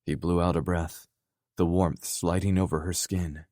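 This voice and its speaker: A man reading romance narration in a calm, even way. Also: low-pitched, unhurried, dry recording, studio quality. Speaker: audiobook narrator.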